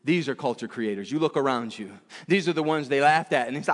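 A man's voice: mid-range voice, quick pace, in a large hall. A man preaching a sermon in a church, emphatic and repetitive, often restarting his phrases.

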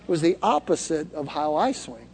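In a church hall sermon, a male pastor with a slightly high, darkish voice speaks at normal speed with big pitch swings. He narrates a story conversationally and builds to having the congregation repeat after him, with a big-room sound and a little hiss or hum.

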